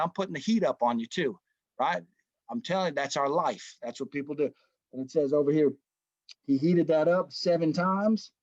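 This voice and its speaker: Folksy, fairly high-voiced man teaching Bible study. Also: no echo, lo-fi sound. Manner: folksy, keeps saying "man" and "right?".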